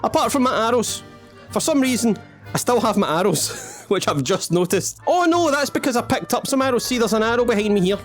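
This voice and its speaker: A Scottish man with a fairly high voice that swoops up and down as he jokes his way through a game. He rambles in cheeky asides and pokes fun at himself. Light music plays faintly behind him. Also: animated, brisk. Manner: rambling, self-mocking, jokey asides to the viewer. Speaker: gaming channel host. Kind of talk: playful let's-play commentary.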